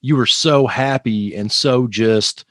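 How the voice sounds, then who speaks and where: A man hosting a casual interview, speaking in a relaxed way with short encouraging replies. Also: mid-range voice, takes it slowly, dry recording, clean studio sound. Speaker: host.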